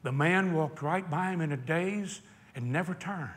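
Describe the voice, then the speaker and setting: A man preaching a sermon, telling stories with passion and slowing down for emphasis. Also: fairly high pitch, fairly bright tone. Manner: impassioned storytelling, slowing for emphasis. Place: hot indoor meeting hall.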